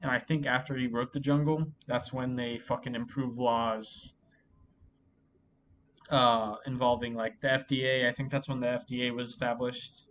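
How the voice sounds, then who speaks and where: A drunk man talking alone to his viewers, loose and rambling, with profanity in nearly every sentence. He sounds sorry for himself, and his voice sits at an ordinary middle pitch. The recording is dull and muffled, with a faint hiss underneath. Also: flat delivery, normal speed, fairly bright tone. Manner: profane, rambling, self-pitying. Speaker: channel host. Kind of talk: drunken solo commentary.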